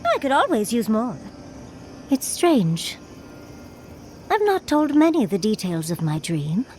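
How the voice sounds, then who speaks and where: A teasing furred companion. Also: female voice, fairly high pitch, very animated, unhurried, darkish tone, a little hiss or hum. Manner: teasing, calls the listener darling and dear. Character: furred female adventurer companion, wry and teasing. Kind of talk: video game character dialogue.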